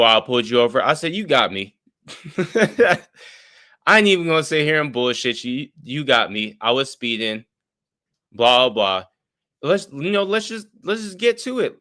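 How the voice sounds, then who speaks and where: A man's voice: a little high, bright, forceful tone, dry recording, clean studio sound. A man giving blunt, profane commentary on a live stream, lecturing with everyday examples.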